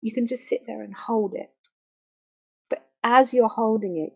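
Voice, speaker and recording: Soft-spoken gentle woman counsellor, muffled mic. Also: a little high, gravelly, slightly rough. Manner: gentle, slow and reassuring, softening to a near hush. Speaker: grief counsellor. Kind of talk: guided self-help talk. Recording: dull lo-fi faulty microphone.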